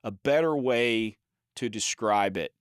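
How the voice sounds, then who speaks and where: A man's voice: medium pitch, a little slow, clean tone, no room sound. Emphatic man explaining in a dry room. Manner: emphatic, explains by example, many restarts. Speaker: podcast co-host. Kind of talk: casual chat.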